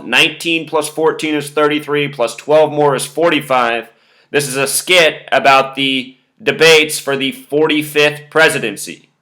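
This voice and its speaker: A man's voice: on the high side, pushed and bright. A man hosting his own video, lecturing in a monologue and counting things out step by step. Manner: lecturing, spelling out numbers step by step. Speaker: video host. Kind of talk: monologue commentary to camera.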